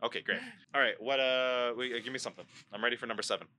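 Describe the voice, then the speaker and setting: A man's voice: mid-range voice, steady tone, very fast, pushed and bright, a little hiss or hum. A man co-hosting a podcast in casual, teasing chat, swearing now and then. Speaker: podcast co-host.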